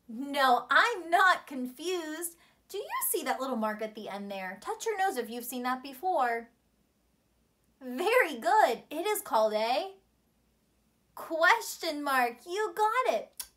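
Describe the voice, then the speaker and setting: A woman's voice: high-pitched, pushed and bright. A woman teacher speaking to young children in an encouraging storytime lesson. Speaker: primary school teacher.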